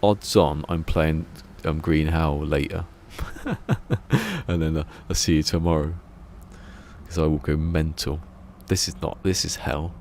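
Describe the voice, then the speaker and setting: A man's voice: extremely low pitch, steady tone, a little slow, darkish tone, slight background noise. A man streaming a game, chatting casually and rambling through a story with chuckles. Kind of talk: casual live-stream chat.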